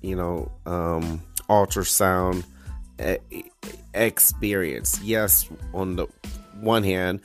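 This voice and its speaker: A man's voice: deep voice, steady tone, extremely slow, faint music behind. A man, hosting a casual solo podcast with rambling, crude jokes and frequent restarts. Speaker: podcast host.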